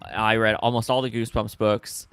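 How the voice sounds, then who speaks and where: A man co-hosting a casual late-night chat, rambling and excitable, often trailing off mid-thought. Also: lowish voice, moderate pace, smooth, dry recording. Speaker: co-host.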